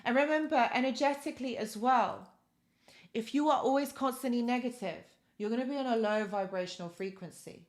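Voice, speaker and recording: A woman with a fairly high voice hosting a live stream. She speaks encouragingly in a motivational style and reads viewer comments aloud as she goes. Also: brisk.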